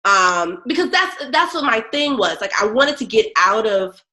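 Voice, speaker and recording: A woman from Chicago telling stories as an interview guest, lively and acting out other people's lines. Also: a little high, normal speed. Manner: animated storyteller, acts out quoted voices. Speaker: guest, lactation educator and comedian. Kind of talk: casual interview chat.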